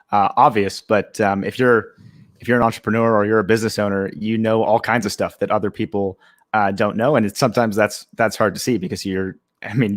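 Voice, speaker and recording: Low-voiced young man, relaxed and dry. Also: no echo. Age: young adult. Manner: relaxed, many fillers and restarts. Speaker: guest, startup co-founder. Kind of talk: casual live-stream interview.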